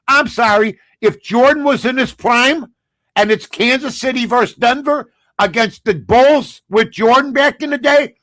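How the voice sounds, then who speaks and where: A man hosting a sports talk show, ranting bluntly and sarcastically, swinging between low mutters and loud outbursts. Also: unhurried, dry recording. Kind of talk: opinionated sports talk rant.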